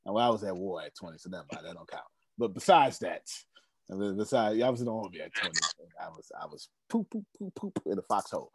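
Hyping up his group on a video call, a forties-aged business coach talks emphatically and repeats himself, laughing a lot. His low voice swings widely in pitch, he talks fast, and there's heavy background noise.

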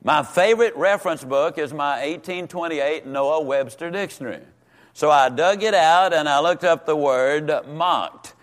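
Man, Sunday school teacher, folksy Bible lesson, emphatic repetition, slightly raised pitch. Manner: emphatic, slows on key words, repeats for stress.

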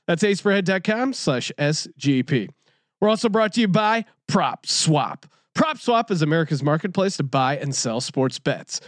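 A man with a fairly high voice co-hosts a sports betting podcast with brash, hyped energy. He jokes loudly and rattles through sponsor reads. The sound is dry and close. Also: no room sound. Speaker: podcast co-host.

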